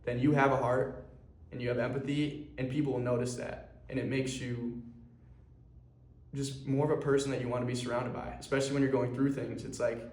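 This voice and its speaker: A clothing brand founder, young and earnest, rambles to camera in a vlog monologue full of fillers. His mid-range voice is a little mellow, level in tone and fairly quick, with echo from the room around him.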